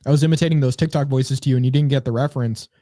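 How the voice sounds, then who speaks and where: A man's voice: mid-range voice, steady tone, rapid-fire, dark tone, no echo, clean studio sound. A young man co-hosting a comedy podcast, joking and irreverent in casual chat. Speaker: podcast co-host.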